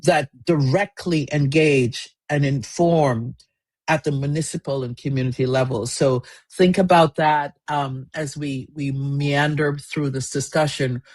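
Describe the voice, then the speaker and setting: A man's voice: fairly high pitch, steady tone, unhurried, a little mellow, no room sound. A man moderating a seminar over a video call, speaking off the cuff with many restarts and fillers as he thinks aloud. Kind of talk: unscripted moderating.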